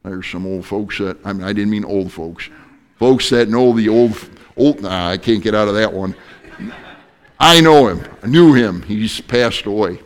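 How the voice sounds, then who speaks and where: A male pastor preaching an evening sermon, animated, with joking asides to the congregation. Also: fairly low pitch, measured pace.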